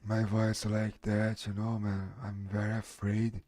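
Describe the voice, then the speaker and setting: Brazilian Portuguese-accented man, game streamer, strong voice, slow and halting English, dry close sound. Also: on the low side, monotone, warm tone, no echo. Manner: halting, searching for English words. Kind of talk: casual live-stream chat.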